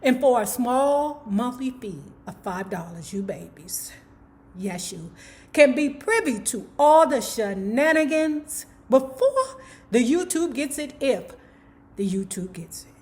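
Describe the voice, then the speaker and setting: High-voiced woman reading with slangy asides. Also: expressive, takes it slowly, a little mellow. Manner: slangy, playful asides to viewers. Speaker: YouTube host reading a book aloud. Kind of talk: book reading with casual commentary.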